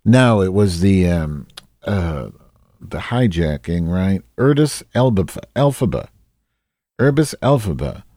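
A man's voice: low-pitched, big pitch swings, slow pace, dark tone, dry recording, clean studio sound, heavily acted. A man doing Madge, a rambling crude woman. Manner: rambling, distracted, loses track with many fillers. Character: rambling distracted woman named Madge, crude and self-mocking. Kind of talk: solo comedy monologue.

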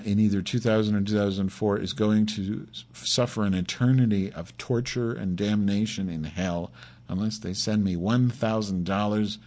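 A man hosting his own podcast, talking off the cuff with constant swearing, camp asides and sudden swings between low mutters and excited yelps, while complaining of a headache. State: has a headache. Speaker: podcast host. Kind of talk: rambling solo podcast.

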